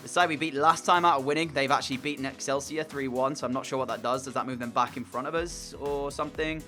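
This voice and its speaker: Sarcastic, bright-voiced young man gaming. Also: mid-range voice, fairly even intonation, fast talker, soft background music. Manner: exasperated, sarcastic play-by-play. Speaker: gaming commentator. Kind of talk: video game commentary.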